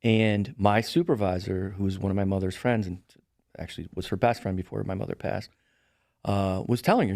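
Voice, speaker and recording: A man's voice: low voice, brisk, vocal fry, no room sound, studio quality. A middle-aged man, a podcast guest, telling stories in a casual chat and acting out the people he quotes. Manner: animated storyteller, acts out quoted voices. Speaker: podcast guest, real estate broker.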